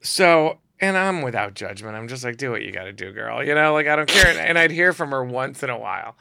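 Middle-aged guy telling wild stories, gravelly voice, dry close sound, acts out everybody. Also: medium pitch, a little fast, no room sound. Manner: animated, acts out quoted voices. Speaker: guest storyteller, celebrity photographer. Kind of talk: casual storytelling.

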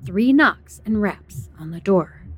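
A woman's voice: mid-range voice, lively intonation, slow, breathy edge. Woman narrating a tense horror story. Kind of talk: first-person horror narration.

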